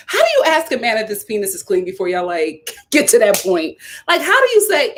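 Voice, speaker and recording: A young woman, hosting a live-stream review and ranting in animated, casual commentary, repeating lines for emphasis. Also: fairly quick, hardly any pauses, a little hiss or hum. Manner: animated, repeats lines for emphasis, swings between loud outbursts and low mutters. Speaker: YouTube reality-TV reviewer.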